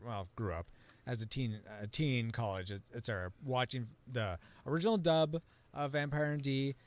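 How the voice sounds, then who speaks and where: A man's voice: medium pitch, normal speed, a little hiss or hum. A man guesting on a podcast, venting in casual chat with mock outrage.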